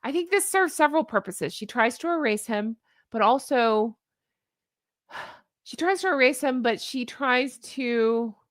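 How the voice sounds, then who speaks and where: A woman with a somewhat high voice hosts a casual livestream. She talks in a chatty, opinionated way and reads viewer comments aloud as she goes. Her voice sounds dry and close, with no room echo. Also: expressive, unhurried. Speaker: livestream host. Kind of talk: casual commentary to a live chat.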